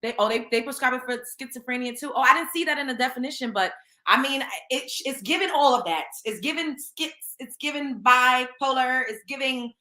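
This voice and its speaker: A woman hosting a casual commentary show, animated and slangy, laughing often. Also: high-pitched, brisk, roomy sound. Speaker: show host.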